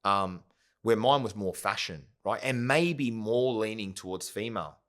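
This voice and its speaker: Guest spot: man, low voice, rambling storyteller, keeps checking in with the listener. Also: a little slow, fairly bright tone. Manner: rambling, full of "yeah?" and "right?" tags. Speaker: podcast guest, company founder. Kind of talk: casual storytelling interview.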